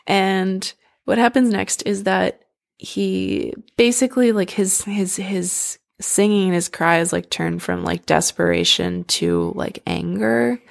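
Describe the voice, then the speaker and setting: A woman's voice: medium pitch, creaky. A young woman casually retelling a story in a loose chat, filling her sentences with "like" and "um". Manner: loose, filler-heavy retelling with lots of "like". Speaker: storyteller retelling an opera plot.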